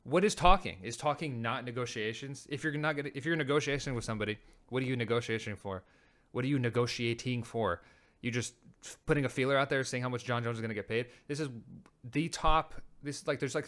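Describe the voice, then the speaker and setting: A male host talks at a rapid clip with a medium pitch. He swears freely and rants about the clips he plays in a heated commentary. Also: a bit bright. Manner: heated, profane, rapid ranting. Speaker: show host.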